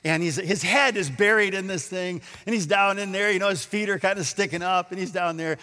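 A man preaching a sermon, telling a story and acting out the quotes with lively energy. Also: high-pitched, a little fast, in a large hall. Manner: animated storyteller, acts out quotes. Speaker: pastor.

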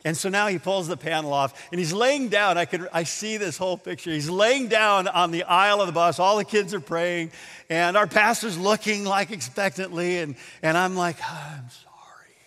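A man delivers a sermon in a bright, ringing voice, slipping into character for the people in his story. His delivery swings between hushed asides and loud exclamations. The sound carries a long echo from a big church hall. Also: sits high, normal speed. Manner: animated storytelling, acts out quotes, laughs at himself. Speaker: preacher. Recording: echoey hall.

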